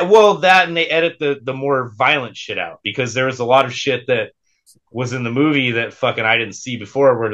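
A man's voice: mid-range voice, sharp tone. A young man co-hosting a casual podcast, laid-back, swearing freely and laughing often. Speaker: podcast co-host.

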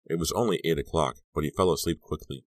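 Very deep male audiobook narrator. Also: fast, dry recording. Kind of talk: scripted narration.

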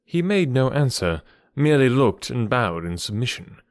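A man narrating a classic novel as an audiobook in an expressive storytelling manner. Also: medium pitch, moderate pace, dry recording, clean studio sound.

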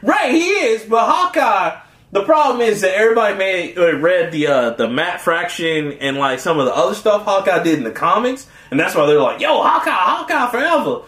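Animated laughing man in a roomy echo. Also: normal speed. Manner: animated, laughs often, acts out quotes in high voices. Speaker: podcast co-host. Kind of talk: casual chat.

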